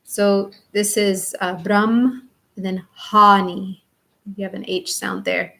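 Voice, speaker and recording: A woman teaching a chant in a step-by-step pronunciation lesson, drawing out syllables slowly and patiently for students to repeat. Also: mid-range voice, little pitch movement, bright, forceful tone.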